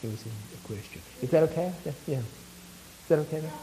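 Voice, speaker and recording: A man's voice: fairly high pitch, fairly quick, warm tone, rough recording. Chuckling man leading a workshop group. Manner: chuckles often, asks the group questions. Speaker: workshop facilitator. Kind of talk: teaching a workshop with storytelling.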